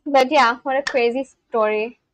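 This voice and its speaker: Chatty high-voiced woman streamer. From India. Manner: chatty, reads and answers chat aloud, laughs often. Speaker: livestream host. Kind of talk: casual livestream chat.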